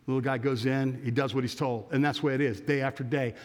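A male pastor telling a story during a sermon, animated and with frequent restarts. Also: medium pitch, fast, few pauses. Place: church sanctuary. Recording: long church reverb.

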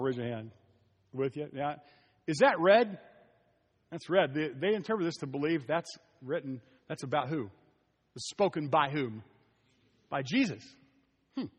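A man's voice: a little high, husky. A man preaching a sermon as pastor, emphatic, repeating key phrases and putting questions to the congregation. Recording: long reverb of a large hall.

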